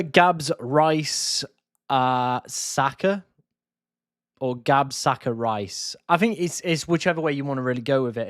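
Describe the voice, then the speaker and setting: A man's voice: medium pitch, no echo, studio quality. A man, casually answering chat questions on a live stream. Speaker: fantasy football streamer.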